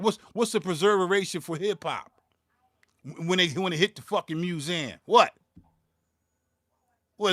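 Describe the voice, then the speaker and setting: A man's voice: a little high, bright, forceful tone, dry recording, clean studio sound. A man, hosting his own beatmaking channel and ranting in a profane, heated way, stumbling and repeating words as he gets worked up. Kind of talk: livestream rant.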